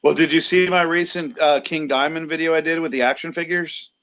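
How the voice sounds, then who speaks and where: A man's voice: a little high, fairly even intonation, fairly quick, a bit bright, no echo. A man, a heavy metal singer, being interviewed and telling stories in casual chat, acting out quoted exchanges and swearing freely.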